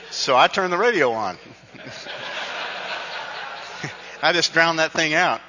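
A man's voice: fairly high pitch, lively intonation, slow pace, noisy background. A male pastor telling a funny personal story in a sermon, acting out the dialogue with self-mocking humor. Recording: dull recording with long hall reverb.

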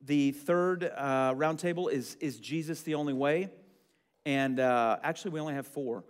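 A man's voice: on the high side, moderate pace, clean tone. Chatty man leading a church group. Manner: friendly, chatty, many ums. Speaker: church roundtable leader. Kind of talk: casual teaching to a group. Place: meeting room with a group. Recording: long room reverb.

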